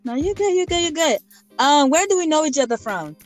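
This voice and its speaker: A woman's voice: sits high, big pitch swings, a little fast, faint music behind. Playful young woman host. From Baltimore. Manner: playful, teasing, repeats phrases. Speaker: podcast host. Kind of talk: casual podcast chat.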